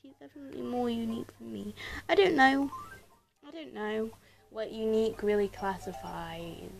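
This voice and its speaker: A woman doing casual let's-play commentary to her viewers, excitable, exclaiming and mildly swearing, recorded on a tablet. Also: on the high side, normal speed, creaky, faint music behind. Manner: talks straight to viewers. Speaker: gaming YouTuber.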